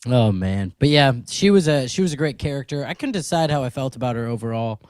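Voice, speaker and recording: Animated young man telling stories. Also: mid-range voice, quick pace, clean tone, no echo, clean studio sound. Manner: animated storytelling, laughs often. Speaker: podcast co-host. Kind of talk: casual podcast banter.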